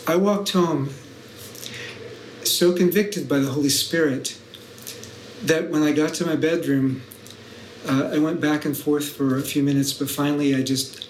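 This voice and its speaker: A man's voice: fairly high pitch, fairly even intonation, normal speed, darkish tone, echoey room, slight background noise, low-quality recording. Middle-aged man telling a story. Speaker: guest, professor and scholar. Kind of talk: podcast interview.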